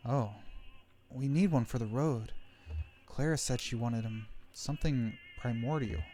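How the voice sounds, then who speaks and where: A man's voice: medium pitch, unhurried, mellow. A man streaming a game live, reading its dialogue aloud in a playful way and dropping jokey asides between lines.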